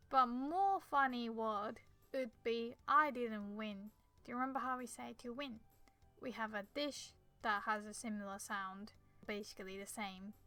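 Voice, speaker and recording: A Japanese woman with a Japanese accent, a native Japanese speaker teaching a beginner language lesson, explaining patiently step by step and repeating words slowly. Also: fairly high pitch, pushed and bright.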